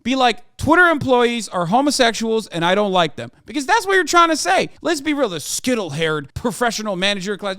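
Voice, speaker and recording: A man's voice: extremely high pitch, sing-song, a little fast, hardly any pauses, a bit bright, smooth, dry recording, studio quality. A male streamer giving a heated, profanity-laced commentary rant on his livestream.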